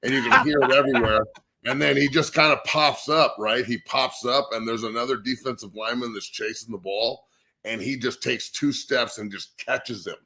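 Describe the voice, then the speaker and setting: A man, a high school line coach appearing as a podcast guest, telling a crude, boisterous story full of swearing. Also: moderate pace, gravelly, pushed and bright. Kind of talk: profane storytelling rant.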